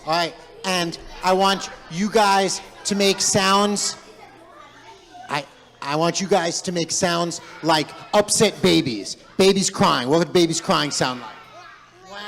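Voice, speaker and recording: Playful rabbi in a reverberant hall. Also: male voice, high-pitched, takes it slowly, creaky, pauses often, fairly bright tone, a faint crowd. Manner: playful, directing audience participation. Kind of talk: storytelling to a congregation. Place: large synagogue sanctuary.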